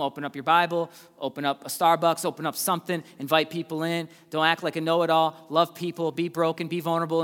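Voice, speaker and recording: A man preaching in a church, his voice a little high for a man. He talks to the congregation casually, cracking jokes and swinging from loud, emphatic lines down to quiet asides. The hall around him leaves a long, ringing reverb. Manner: conversational and joking, swings between loud and hushed. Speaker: pastor. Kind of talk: sermon.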